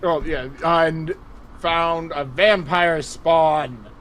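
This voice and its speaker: A man's voice: fairly high pitch, very slow, fairly bright tone, slight background noise. Dry-joking man, a tabletop player. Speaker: player, co-host. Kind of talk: casual chat.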